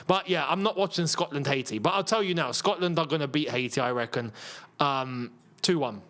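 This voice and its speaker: A man hosting a live football watchalong, chatty and rambling, with excitable bursts at the match action. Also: on the high side, moderate pace. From England. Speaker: football channel host.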